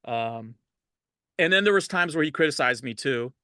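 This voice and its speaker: A man's voice: medium pitch, animated, normal speed, sharp tone, no room sound, studio quality. A middle-aged man, a DJ, telling stories in a casual interview, laid-back and laughing often, livening up when he quotes people. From Los Angeles. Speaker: DJ, interview guest.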